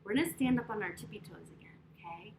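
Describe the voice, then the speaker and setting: A woman leading young children through an interactive story and yoga lesson, expressive and prompting them to repeat after her. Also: medium pitch, quick pace. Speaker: preschool teacher leading kids' yoga. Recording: echoey, distant, noisy room.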